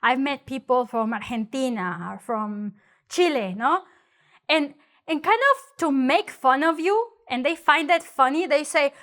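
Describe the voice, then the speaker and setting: A woman's voice: high voice, measured pace. Chatty Mexican-accented woman teaching Spanish. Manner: chatty, animated, acts out mocking exaggerated voices. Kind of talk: casual spoken lesson.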